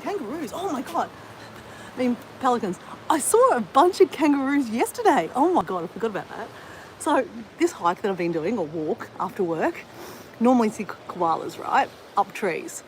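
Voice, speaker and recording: Working out as she talks, an Australian woman chats with her live audience in a high-leaning, very animated voice at a normal speed. She rambles, restarts often, and fills pauses, over a rough recording with a little hiss or hum.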